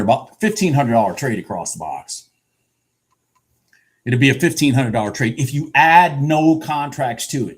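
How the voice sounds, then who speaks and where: A man live-streaming his day trading, commenting excitedly on the market, swearing and repeating himself as he shifts between shouting and muttering. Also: mid-range voice, breathy edge. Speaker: livestream day trader.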